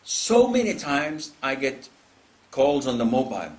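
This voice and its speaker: A male Islamic preacher giving a lecture, telling stories with lively acted-out voices and frequent laughter. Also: mid-range voice, unhurried. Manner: animated storytelling, mimics callers in raised voices.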